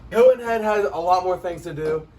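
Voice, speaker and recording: A man's voice: high-pitched, brisk, darkish tone. A young man co-hosting a podcast, telling a story in a laid-back way with "you know" and "like" fillers. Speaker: podcast co-host. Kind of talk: casual chat and storytelling. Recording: distant mic with faint noise.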